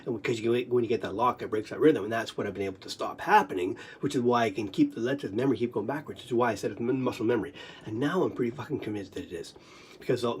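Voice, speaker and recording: A speaker rambling through an unscripted monologue of memories, swearing often, short of breath and snotty, swinging between giddy laughing sobs and low muttering. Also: slight background noise. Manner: rambling, repetitive, heavy swearing.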